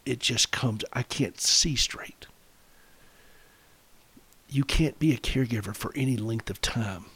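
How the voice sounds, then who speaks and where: A middle-aged man hosting a radio show for caregivers, talking earnestly and confessionally and slowing down to read quotes and scripture. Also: medium pitch, fairly bright tone, breathy edge. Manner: earnest, confessional, reads quotes slowly and deliberately. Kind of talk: reflective radio talk with scripture readings.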